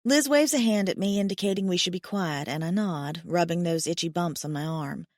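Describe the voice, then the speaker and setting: Lady reading an audiobook, wry self-mocking tone, lowish voice, dead dry close mic. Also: fairly quick, darkish tone, no room sound. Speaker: audiobook narrator. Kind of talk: first-person audiobook narration.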